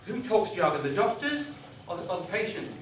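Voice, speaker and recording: A man with a northeast English accent gives a joking keynote talk, spinning stories and firing questions at the crowd. His voice sits fairly high for a man. He is heard from a distance in a roomy hall. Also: big pitch swings, fairly quick, a little hiss or hum. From northeast England. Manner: joking, storytelling, quizzes the crowd. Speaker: motivational business speaker. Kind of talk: humorous keynote talk to a live audience. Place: large hall with a live audience.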